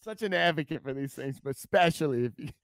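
A man co-hosting a morning radio show, laughing and reacting with loud exclamations. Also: on the high side, lively intonation, quick pace, no echo. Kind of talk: casual radio banter.

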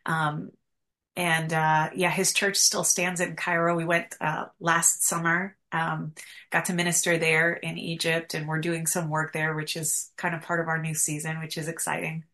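Woman counselor telling her story, kinda low voice, earnest and emotional, lots of ums. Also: level tone, moderate pace, bright, forceful tone. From United States. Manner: earnest, emotional, many fillers. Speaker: counselor, guest. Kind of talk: personal testimony in a podcast interview.

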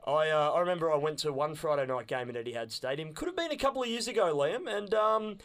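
A man's voice: on the high side, lively intonation, fast, a bit bright. Rambling young Australian man. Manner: rambling, enthusiastic, repeats words. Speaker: podcast co-host. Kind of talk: casual chat.

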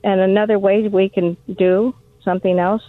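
A woman's voice: mid-range voice, level tone, moderate pace, no echo. A woman calling in to a garden radio show, asking questions hesitantly with many fillers. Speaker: caller. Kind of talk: phone-in question. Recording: tinny phone line.

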